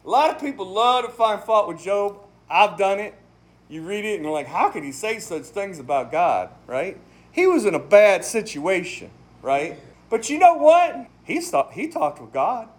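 Casting: pastor with a high male voice, relaxed and folksy, emphatic, breaks into laughs. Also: moderate pace. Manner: emphatic, conversational, laughs often. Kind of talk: casual sermon, Bible study.

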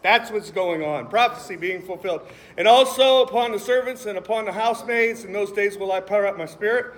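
A man's voice: high voice, brisk. A man preaching a sermon, reading scripture aloud with emphasis and cracking jokes between verses. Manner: animated, joking, reads scripture aloud with emphasis.

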